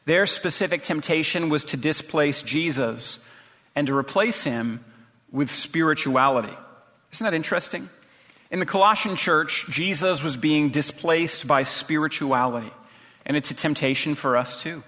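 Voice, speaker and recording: A man's voice: on the high side, moderate pace, bright, forceful tone, big-room sound. A man preaching a sermon as pastor, earnest and full of rhetorical questions.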